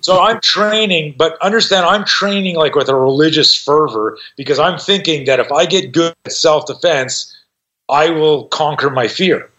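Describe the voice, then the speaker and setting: A man's voice: a little high, moderate pace, muffled recording. A middle-aged man telling a story as a podcast guest, swearing freely and acting out the voices of the people in it. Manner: profane, animated, acts out quoted voices. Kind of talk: casual storytelling.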